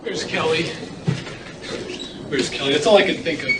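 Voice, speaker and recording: A young actor playing a worried young man from a wealthy family, who talks in a low, troubled, subdued way. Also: moderate pace, heavy background noise, lightly acted. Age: young adult.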